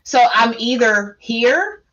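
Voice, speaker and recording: A woman's voice: fairly high pitch, expressive, slow pace, sharp tone. A woman from New Jersey with a New Jersey accent speaking on a panel. She is emphatic and often restarts her phrases. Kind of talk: panel discussion. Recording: slightly dull lo-fi audio.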